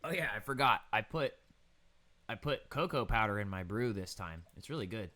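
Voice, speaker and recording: A young man casually commentating over a building game, riffing deadpan puns on place names. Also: on the low side, moderate pace. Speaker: gaming streamer.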